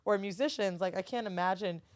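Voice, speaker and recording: A woman talking in a casual podcast chat, candid and loose, swearing often and slipping into her relatives' voices. Her voice is mid-pitched and recorded close and dry, with no room sound. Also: a little fast, no echo. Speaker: guest, studio owner and TV host.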